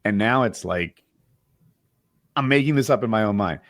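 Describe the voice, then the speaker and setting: Lower-voiced stammering podcast man. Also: lively intonation, no room sound. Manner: halting, stammering. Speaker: podcast host. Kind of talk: casual chat.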